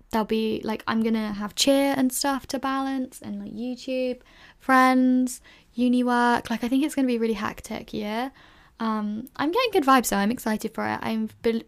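Speaking in a slightly high, gravelly voice, this early-twenties woman runs a laid-back solo Q&A podcast. She rambles along chattily, saying "like" a lot and laughing self-consciously.

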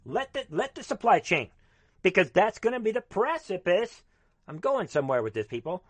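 A male commentator rants passionately about politics, rambling on and turning to his listeners over and over, urgent and emphatic. His fairly high voice has a sing-song quality at a moderate pace. No room echo colors the dry sound.

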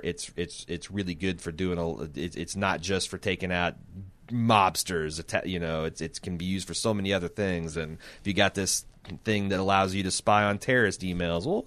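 A man's voice: sits low, fairly bright tone, dry recording. A man hosting a TV recap podcast, chatting casually in a rambling way with restarts. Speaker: podcast host.

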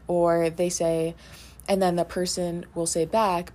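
A woman co-hosting a casual podcast, explaining her points in a thoughtful, measured way. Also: fairly low pitch, little pitch movement, dark tone. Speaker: podcast co-host. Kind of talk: casual reflective chat.

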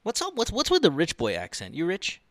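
A man's voice: fairly high pitch, wildly swooping pitch, fairly quick, no room sound. A male host of a call-in advice podcast, brash, crude and teasing with his callers. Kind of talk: call-in advice show banter.

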